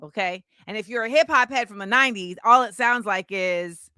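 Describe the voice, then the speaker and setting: A woman hosting a casual livestream talk show, talking in an animated, sing-song way and reading out viewers' shout-outs. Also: medium pitch, fairly quick, clean tone, dry recording. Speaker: host. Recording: music playing behind the voice. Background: music.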